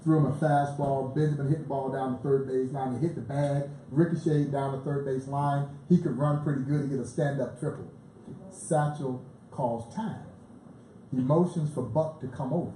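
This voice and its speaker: A museum president, appearing as a guest on a live panel in a bar venue, tells lively baseball stories on stage and chuckles through his tales. His voice is mid-range at a moderate pace, and the live venue sounds echoey with faint background noise.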